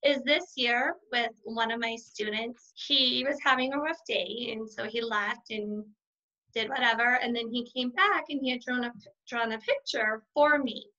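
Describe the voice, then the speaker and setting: Woman, middle-aged, kindergarten teacher, bright voice, animated storyteller, dull lo-fi recording. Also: on the high side, unhurried. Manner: warm, animated storyteller who acts out quotes. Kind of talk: casual interview answers. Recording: dull lo-fi sound.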